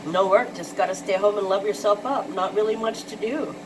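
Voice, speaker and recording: Woman, casual tarot reader, mid-pitched, chatty and profane, over a noisy background. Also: brisk. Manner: chatty, swears freely, exclaims at the cards. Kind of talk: casual intuitive card reading to viewers.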